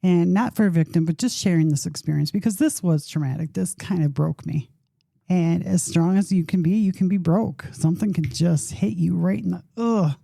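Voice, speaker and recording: A middle-aged woman with a low, gravelly voice, sharing a personal story as a podcast host. Her tone is very mellow and dark. She talks in a loose, rambling, conversational way and pokes fun at herself. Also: moderate pace, dry recording, clean studio sound. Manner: conversational, rambling, with self-deprecating humor.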